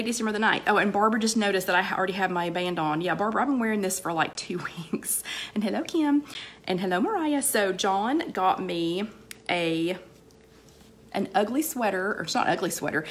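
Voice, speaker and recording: A woman hosting a casual live-stream chat, her voice a little hoarse from a cold. She rambles in a friendly, unpolished way, breaking off mid-sentence to greet viewers by name, and leans on fillers and repeated phrases. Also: mid-range voice. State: slightly hoarse with a cold, coughing.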